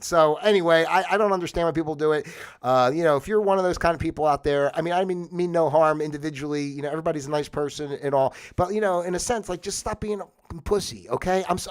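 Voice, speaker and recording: A man hosts his own livestream in a heated, rambling monologue, swearing freely as he goes. His voice sits a little high for a man. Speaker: livestream host.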